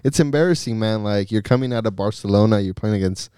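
A man's voice: lowish voice, fast talker, warm tone, clear, resonant tone, dry recording, clean studio sound. A man co-hosting a soccer podcast, laid-back and casual, saying "bro" a lot and mixing in Spanish. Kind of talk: casual sports chat.

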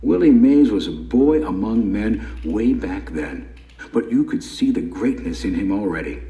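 A man's voice: lowish voice, expressive, unhurried, mellow, highs cut off. A man voicing an older male baseball lover who questions a boy firmly and emphatically, in a roomy echo. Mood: reminiscing.

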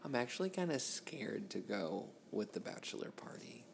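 A man's voice: mid-range voice, big pitch swings, moderate pace, gravelly, noisy background. A man with a Southern US accent, co-hosting a podcast and joking bluntly in casual chat. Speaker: podcast co-host.

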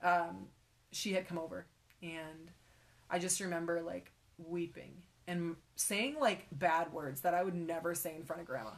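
A young woman sharing a personal faith story in conversation, halting and emotional, often with fillers, sometimes dropping to a whisper. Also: lowish voice, steady tone, gravelly.

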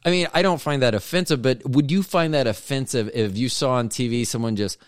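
A man's voice: mid-range voice, brisk, no room sound, clean studio sound. A man co-hosting a casual chat, joking around and swearing casually. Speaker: co-host. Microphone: headset.

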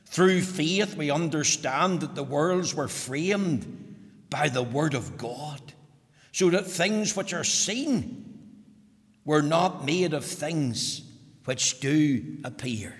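A man's voice: a little high, lively intonation, slow pace. A man preaching a sermon with emphasis, building on rhetorical questions. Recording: long hall reverb.

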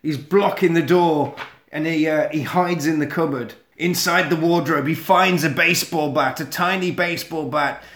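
A man retelling a film plot in casual, animated, sweary storytelling. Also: fairly high pitch, normal speed, roomy sound.

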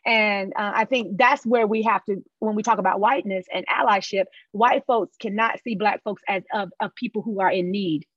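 A woman's voice: mid-range voice, fairly even intonation, normal speed, few pauses, a bit bright, breathy edge, no echo, highs cut off. A woman from Charlotte with a North Carolina Southern accent, talking as a podcast guest in an emphatic, passionate way, often tagging "right?". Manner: emphatic, passionate, tag questions. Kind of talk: podcast conversation.

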